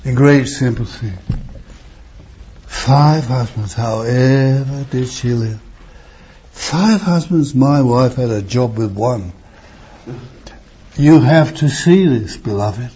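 A man's voice: medium pitch, slow pace, mellow, husky, dull audio. A man preaching an expository sermon, emphatic, asking rhetorical questions and breaking into raised bursts.

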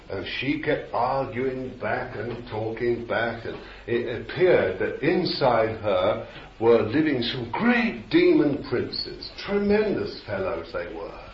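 Male preacher, low voice, rambling sermon with sudden shouts; dull, echoey old tape. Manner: rambling, repeats words, rises to shouts. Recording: roomy, dull, slightly noisy old recording.

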